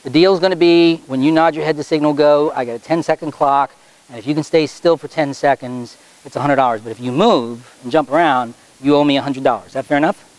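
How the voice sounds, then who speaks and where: A man working as a stage hypnotist at a school show, brisk and playful with his volunteers and slow and low when putting them under. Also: low-quality recording. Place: high school stage before a student audience.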